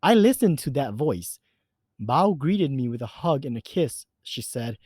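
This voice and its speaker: A man's voice: medium pitch, very animated, unhurried, a little mellow, husky, no echo. Male horror-story narrator, earnest and emphatic, dry close recording.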